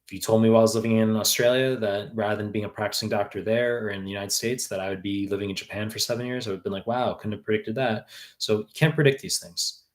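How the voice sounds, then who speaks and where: A man's voice: lowish voice, steady tone, fast, hardly any pauses. A man in his thirties from New York, a tutor answering viewer questions on a live stream in a blunt, profane way with many fillers. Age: 30s. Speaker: exam prep tutor.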